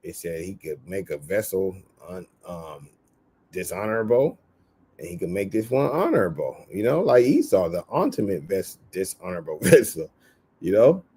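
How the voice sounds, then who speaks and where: A man's voice: deep voice, big pitch swings, moderate pace, mellow, slightly rough. A man teaching scripture in a casual, streetwise way with lots of slang, acting out the voices of the people in the story. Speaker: street preacher.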